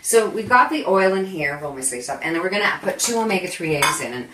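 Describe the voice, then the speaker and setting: A chatty, animated woman hosts a live cooking demo from her home kitchen, with a bright, forceful voice pitched a little low. She is recorded from some distance, so the room's echo rings around her words, and faint clicks sit underneath. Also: fast, slight background noise. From Canada. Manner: chatty, animated and self-deprecating, with frequent asides. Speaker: cooking show host. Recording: echoey kitchen, mic at a distance.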